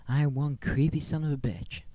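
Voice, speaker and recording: A man playing a deadpan creepy octopus creature. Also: a little high, brisk, a little hiss or hum, natural voice. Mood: sinister. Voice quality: dry, deadpan, mock-sinister. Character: creepy half-octopus male stalker, dry and smug. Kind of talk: comic sketch banter.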